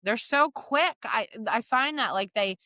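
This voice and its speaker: A woman co-hosting a podcast, chatting casually and agreeing often, with a lively manner. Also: a little high, measured pace, dry recording, studio quality. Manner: frequent agreeing backchannels, lively. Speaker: podcast co-host. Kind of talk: casual chat.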